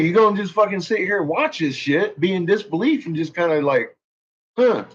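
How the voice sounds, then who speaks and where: A man's voice: high-pitched, animated, fairly quick, breathy edge, lo-fi sound. A man ranting angrily on his channel, swearing constantly and making heated threats. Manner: profane, heated, swaggering threats. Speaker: YouTuber. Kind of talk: angry ranting vlog.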